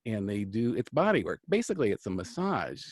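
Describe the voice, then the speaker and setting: A middle-aged host who is an angel card reader and healer tells a long personal story in a casual storytelling chat. His voice is fairly low, very animated and a little fast. He is earnest and rambling, full of fillers and restarts, with no room sound.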